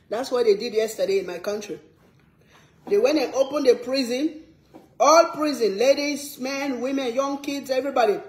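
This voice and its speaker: A woman from Sierra Leone, speaking with a Sierra Leonean English accent in a slightly high voice, addresses viewers of her cooking vlog from an echoey room. Casual yet earnest and emphatic, she repeats her words for stress.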